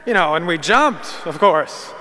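A fairly high-voiced man gives a humorous sermon, moving from lively storytelling to earnest teaching. His voice rings out with a long reverb from the large hall around him. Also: measured pace. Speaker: Catholic preacher.

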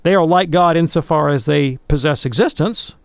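Brief: male radio theologian, gravelly, dry close mic, patient teaching tone. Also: fairly high pitch, no room sound. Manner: earnest, explanatory, slows down to stress points. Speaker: theologian answering listener questions. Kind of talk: radio call-in talk.

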